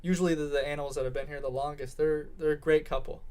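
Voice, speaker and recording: A man's voice: on the high side, fairly even intonation, fast talker, a little mellow, lightly acted. A man voicing an earnest shelter worker. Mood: cheerful. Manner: earnest, fumbling reassurance.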